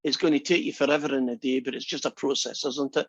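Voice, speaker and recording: A man's voice: mid-range voice, steady tone, quick pace, husky, dry recording. Guy teaching a math class, jokey and chatty, muffled lo-fi classroom recording. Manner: chatty and joking, talks through steps conversationally. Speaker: math instructor. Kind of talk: casual classroom lecture. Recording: dry, dull lo-fi lecture recording.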